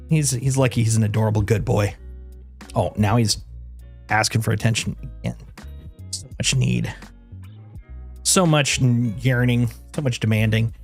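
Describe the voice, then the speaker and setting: A man chatting casually on his game livestream. He rambles with restarts and laughs, and coos at his dog in doting baby talk. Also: mid-range voice. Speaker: game streamer.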